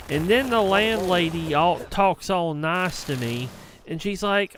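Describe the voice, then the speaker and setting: A man's voice: on the high side, animated, slow, fairly bright tone, a little hiss or hum. A young adult man streamer casually telling a rambling, profane story on a livestream. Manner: rambling, profane, heated anecdote.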